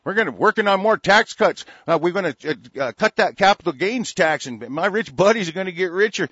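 A man's voice: high voice, expressive, brisk, fairly bright tone, husky, no room sound, highs cut off, pitched above the performer's own voice, exaggerated voice. A man mocking a smug bragging president. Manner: sneering mockery. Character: smug mocked male president bragging of tax cuts.

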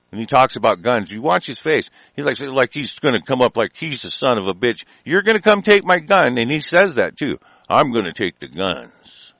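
A heated, profane man from the United States tears into his targets in an angry rant. His voice sits fairly high for a man, and the sound is close and dry with no room around it. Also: creaky, fairly bright tone, dry recording.

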